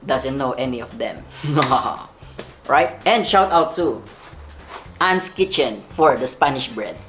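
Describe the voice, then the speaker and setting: A man's voice: medium pitch, lively intonation, takes it slowly, a bit bright, faint music behind. A young man from the Philippines with a Filipino English accent, hosting a playful question-and-answer video and laughing at his own jokes. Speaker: kalimba channel host. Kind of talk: Q&A vlog.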